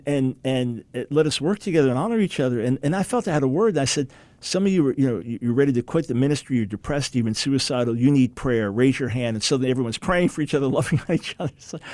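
A middle-aged man preaches on a broadcast in a conversational, story-driven way, acting out the voices of the people he quotes. His voice sits a little high and swings widely in pitch. The sound is dry and close. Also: dry recording. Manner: animated storytelling, acts out quoted people with big pitch jumps.

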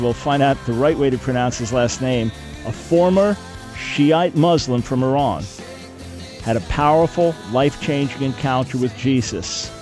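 A man's voice: medium pitch, a little mellow. Earnest male talk radio host.

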